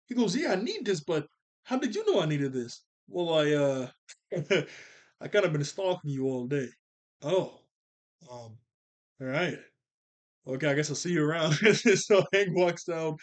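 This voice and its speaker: A young man casually recapping a cartoon episode, retelling scenes in quoted voices and laughing often. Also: a little high. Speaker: cartoon reviewer.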